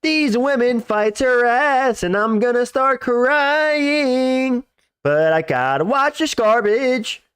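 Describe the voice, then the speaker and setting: A man putting on a slow, high-pitched, sobbing whine, acting like a sulky guy who has to sit through a bad fight card. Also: fairly bright tone, smooth, exaggerated voice. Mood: mock sobbing. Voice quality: high, slow, fake-crying wail. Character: whiny, sobbing man sulking over a boring fight card. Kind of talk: mock crying bit on a live stream.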